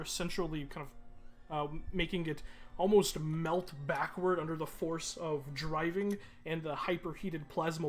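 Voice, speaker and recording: A man narrating as game master of a tabletop game, pausing often with ums and uhs. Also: fairly high pitch. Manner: halting, many ums and uhs.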